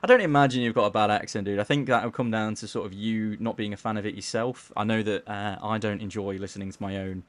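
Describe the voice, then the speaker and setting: A man casually chatting on a live gaming stream, reading chat aloud in a mellowed-out, low-key way and tripping over words as he plays. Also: fairly even intonation, fast, hardly any pauses, dry recording. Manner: stumbles over words while playing.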